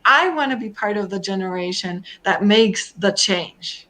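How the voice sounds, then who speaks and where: A woman in her thirties from Germany, a guest expert who explains her view in a measured, thoughtful way. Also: mid-range voice, animated, sharp tone, poor audio. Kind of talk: video-call discussion.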